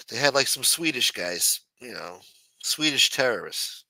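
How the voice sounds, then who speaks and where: A man's voice: mid-range voice, lively intonation, a little slow, sharp tone, no room sound, low-quality recording. A man hosting a late-night live stream in a loose, profane, teasing way, reading and answering viewer chat. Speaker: live show host.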